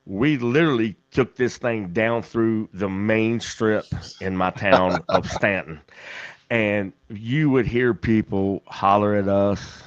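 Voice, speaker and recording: A man's voice: on the low side, takes it slowly, hardly any pauses, dry recording, highs cut off. A man with a West Virginian accent, a podcast host telling folksy stories in casual chat and laughing often. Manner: folksy storyteller, laughs a lot.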